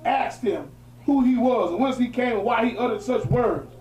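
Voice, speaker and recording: A man with a very high voice reads an old historical account aloud to a small group and stops often for plain-spoken, emphatic preaching asides. He sounds distant from the mic, and his voice bounces around a roomy space. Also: moderate pace, darkish tone, highs cut off. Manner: switches from formal reading to emphatic colloquial asides. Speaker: religious teacher. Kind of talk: reading a historical text aloud with preaching commentary. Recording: echoey room, distant mic.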